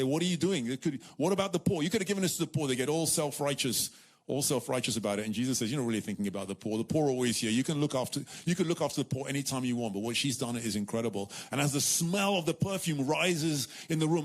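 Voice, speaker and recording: A middle-aged man preaching a sermon, telling a story with lively repetition and acting out the voices of the people in it. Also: medium pitch. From United Kingdom. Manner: animated storytelling, repeats words, acts out voices.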